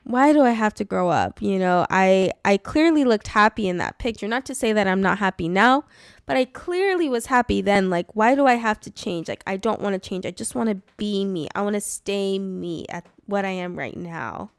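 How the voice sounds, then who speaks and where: A woman's voice: mid-range voice, expressive, moderate pace, clean tone, no room sound, studio quality. A woman co-hosting a podcast, telling a personal story in a rambling, casual way, full of "like" and laughter. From California. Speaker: podcast co-host. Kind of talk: casual chat.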